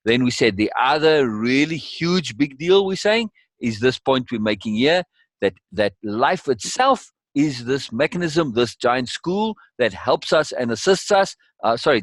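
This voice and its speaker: A man's voice: medium pitch, big pitch swings, measured pace, no room sound. A man leading a course session in conversational teaching style, emphatic and repeating key words for weight.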